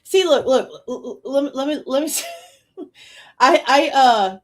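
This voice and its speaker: A woman hosting a true crime reaction show, talking casually in an animated, incredulous way, with slang and frequent laughs. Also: high-pitched, moderate pace. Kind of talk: casual commentary.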